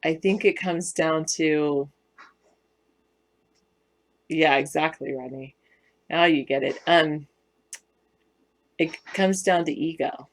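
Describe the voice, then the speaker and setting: Slow, gravelly Southern Californian woman. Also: deep voice. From West Virginia, US South. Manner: rambling, self-correcting, chatty. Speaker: live stream co-host. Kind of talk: casual live stream chat, answering viewer comments.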